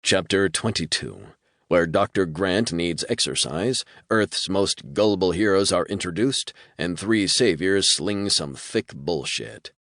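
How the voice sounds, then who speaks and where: A man narrating an audiobook in a measured, storytelling manner. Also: sits low, expressive, fairly bright tone, dry recording, clean studio sound. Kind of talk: scripted narration.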